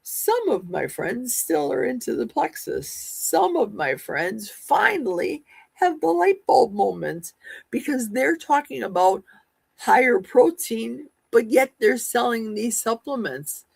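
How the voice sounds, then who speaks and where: A woman in her sixties with a husky, slightly breathy voice hosts a casual live stream. She talks at an unhurried, drawn-out pace, sassy and chatty as she answers her viewers. The sound is close and dry, with no room around her. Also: a little high, sing-song, a little mellow, no echo. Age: 60s. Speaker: livestream host. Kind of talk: casual live-stream chat reading comments.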